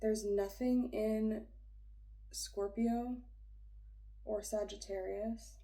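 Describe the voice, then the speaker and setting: A woman's voice: medium pitch, steady tone, very slow, mellow, rough recording. A young woman reading an astrology chart aloud in a casual, rambling way, hesitant and full of fillers, often dropping to a whisper. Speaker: astrology reader.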